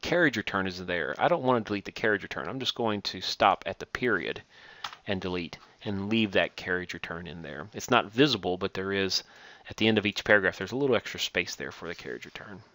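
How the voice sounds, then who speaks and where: A man teaching a software tutorial, reading each step aloud and then patiently demonstrating it, correcting himself as he goes. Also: low voice, brisk. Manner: methodical, reads steps aloud then demonstrates; patient, self-correcting, relaxed. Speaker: instructor.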